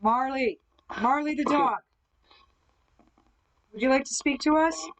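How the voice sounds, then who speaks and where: A woman's voice: high-pitched, a little slow, poor audio. Woman coaxing spirits on a livestream. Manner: calm, coaxing questions to spirits. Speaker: ghost hunter host. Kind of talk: live-streamed spirit box session. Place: indoors at someone else's home.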